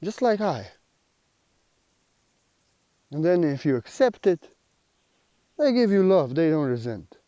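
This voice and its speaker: A man's voice: on the high side, sing-song, slow pace, pauses often, dark tone, no room sound, highs cut off. A man giving a spiritual teaching monologue, earnest and repetitive, with slightly unidiomatic phrasing.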